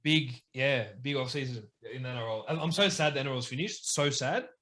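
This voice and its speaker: A young man in his twenties with an Australian accent, co-hosting a casual chat with excitable, enthusiastic reactions. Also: mid-range voice, brisk. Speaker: podcast co-host.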